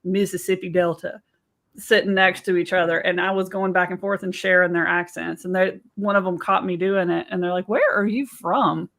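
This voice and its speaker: A woman's voice: on the low side, flat delivery, brisk, vocal fry, a bit bright. A middle-aged American woman, a podcast co-host and business coach, telling stories in a casual, chatty way. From United States. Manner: chatty, storytelling, says "right?" and "y'all".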